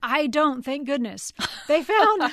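A woman's voice: high voice, animated, takes it slowly, fairly bright tone, no echo, studio quality. A woman novelist from Texas chatting animatedly in an interview, laughing easily and restarting her sentences. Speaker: novelist guest. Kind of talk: casual interview chat.

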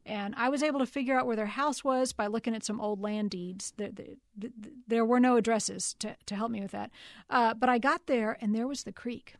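Animated woman novelist, dry close sound. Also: a little high, normal speed, no echo. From Texas. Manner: animated, laughs easily, many restarts. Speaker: novelist guest. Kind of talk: casual interview chat.

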